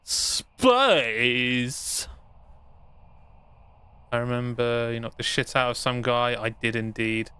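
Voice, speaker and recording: A man's voice: medium pitch, monotone, normal speed, few pauses, bright, forceful tone, smooth, no echo. Rambling man streaming a game. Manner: rambling, self-deprecating. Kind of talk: gaming stream commentary. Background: game music.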